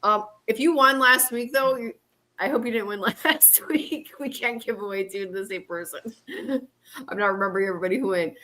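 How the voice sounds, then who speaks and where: A woman's voice: mid-range voice, a little fast, bright, forceful tone. A woman moderating and co-hosting a casual livestream, chatty and laughing often.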